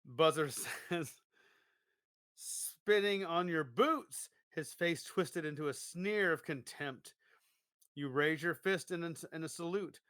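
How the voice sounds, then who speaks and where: A man's voice: a little high, a little slow, a bit bright, no echo. A man co-hosting a podcast, reading a kids' gamebook aloud with playful jokes. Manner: playful, jokey. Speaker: podcast co-host.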